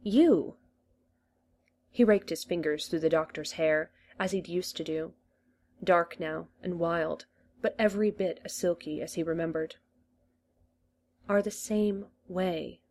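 A woman reading a story aloud, in a measured storytelling manner. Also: sits low, fairly even intonation, a little mellow. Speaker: reader. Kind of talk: reading fan fiction aloud.

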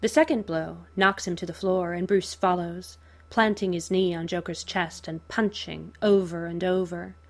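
A woman narrating fan fiction aloud in a slow, measured, even way. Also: lowish voice.

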